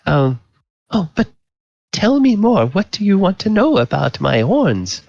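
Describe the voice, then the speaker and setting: Giggly drunk noble lady in a squeaky falsetto from a man, cooing and coy, tabletop game, flat dry lo-fi sound. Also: measured pace, creaky, dry recording, full character voice. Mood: coy flirting. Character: tipsy giggling flirtatious noblewoman.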